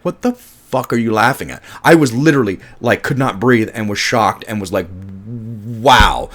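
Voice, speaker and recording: A man giving a casual film review monologue, emphatic and passionate, swearing often and restarting his sentences. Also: medium pitch.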